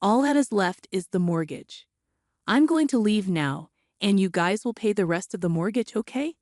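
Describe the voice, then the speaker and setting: Brief: female narrator, matter-of-fact, expressive pitch, dry sound. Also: normal speed, no echo. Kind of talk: scripted story narration.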